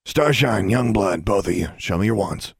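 A stern, folksy school warden, voiced by a male reader, who scolds the children in a gravelly, raised tone. The sound is dry and close. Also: fairly low pitch, lively intonation, moderate pace, no room sound, heavily acted. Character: gruff stern grown man, school groundskeeper.

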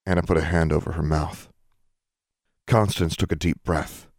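Man, audiobook narrator, deep voice, dry close sound, measured. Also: fairly even intonation, creaky, a little mellow, dry recording. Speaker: audiobook reader. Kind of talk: scripted narration.

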